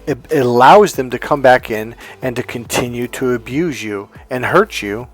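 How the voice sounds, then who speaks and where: At a moderate pace and medium pitch, a man speaks as a life coach over soft background music. He gives a forceful, blunt motivational monologue, swearing for emphasis and loudly acting out other people's words.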